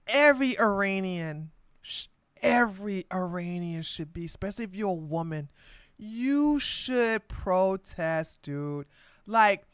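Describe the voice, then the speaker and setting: A woman hosting a political commentary podcast, talking loudly and emphatically with blunt slang and frequent laughter. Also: on the high side, smooth, dry recording, studio quality. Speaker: podcast host.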